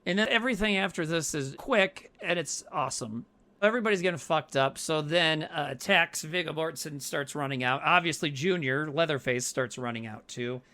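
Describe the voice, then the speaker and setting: A man's voice: on the high side, normal speed, pushed and bright. A man co-hosting a podcast, recapping a horror movie in casual, swearing, rambling chat. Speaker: podcast co-host.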